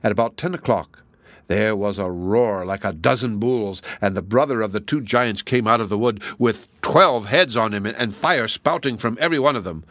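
A man narrating an old folk tale aloud in a lively storybook reading. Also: on the low side, normal speed, no room sound.

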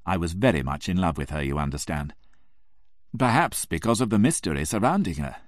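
Deep-voiced man reading a story expressively. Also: fairly quick, no echo, clean studio sound. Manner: expressive, emotional first-person telling. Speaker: narrator.

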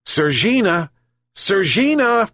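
A man's voice: fairly high pitch, huge pitch swings, measured pace, breathy edge, no room sound, clean studio sound, voice pushed up, full character voice. A man voicing a kind old male fisherman in a storybook, who calls out and pleads. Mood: calling. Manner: calling out loudly, pleading.

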